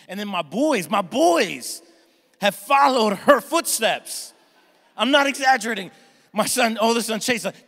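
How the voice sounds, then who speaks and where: A middle-aged male pastor preaches with a bright, forceful voice that rings through a big reverberant hall. He talks with an energetic, jokey delivery and acts out his family by shouting their lines. His pitch sits a little high for a man. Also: unhurried. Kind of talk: sermon. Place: church sanctuary with congregation.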